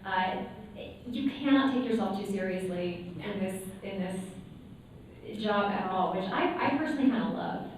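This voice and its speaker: A woman voice actor on a convention panel, talking in a playful, energetic way and coaxing the audience. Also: medium pitch, normal speed. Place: large convention hall. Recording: distant, echoey convention hall with noise.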